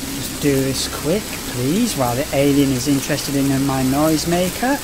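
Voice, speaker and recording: A man commentating on a horror game, swearing often, coaxing and taunting the enemy, and getting loud when frustrated. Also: medium pitch, moderate pace, heavy background noise. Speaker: gameplay commentator. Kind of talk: let's play commentary.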